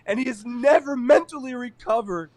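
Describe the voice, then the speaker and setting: A man voicing an outraged adult male TV show host, ranting loudly in a scandalized way. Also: extremely high pitch, moderate pace, a little hiss or hum, voice pushed up.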